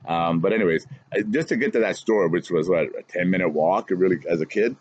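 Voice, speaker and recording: Low-voiced rambling man. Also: fast, a little mellow, no room sound. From Canada. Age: middle-aged. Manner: rambling, repeats words and restarts, laughs between lines. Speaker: podcast host. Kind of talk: casual monologue. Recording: dull lo-fi sound.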